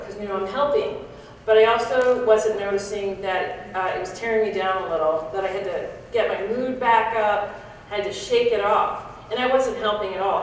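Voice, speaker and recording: A woman's voice: medium pitch, a little hiss or hum. A woman giving a frank, reflective talk to a conference audience, with small restarts as she goes. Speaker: conference speaker. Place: large conference hall. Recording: echoey hall, picked up from a distance.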